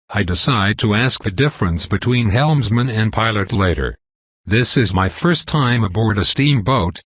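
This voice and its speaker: A man reading a web novel aloud as narrator, in measured first-person storytelling. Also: lowish voice, fairly bright tone, slightly rough, no echo. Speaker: audiobook narrator.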